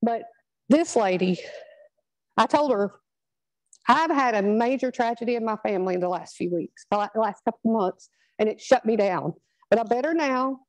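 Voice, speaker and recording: A woman's voice: fairly high pitch, moderate pace, darkish tone, dry recording, rough recording. Earnest, chatty woman speaker. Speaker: speaker at a product training. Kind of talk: motivational talk to a live group.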